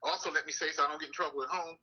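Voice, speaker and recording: An older man speaking slowly and deliberately in an interview, pausing on "uh" between thoughts. His voice is very bright and forceful. The audio is dull and lo-fi. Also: on the high side, steady tone, breathy edge. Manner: measured, deliberate, frequent "uh" fillers. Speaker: city councilman and NAACP president. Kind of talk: interview conversation.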